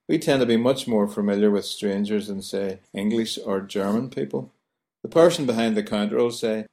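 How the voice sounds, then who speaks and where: A man's voice: on the low side, brisk, creaky, darkish tone. A man with a Belfast accent, presenting a wry, chatty explainer on how locals talk. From Northern Ireland. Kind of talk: scripted explainer on local speech.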